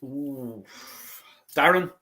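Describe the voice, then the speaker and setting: Bright sweary Irish host. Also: male voice, mid-range voice, extremely slow. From Ireland. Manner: excitable, sweary, rambling. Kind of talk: casual fan call-in chat.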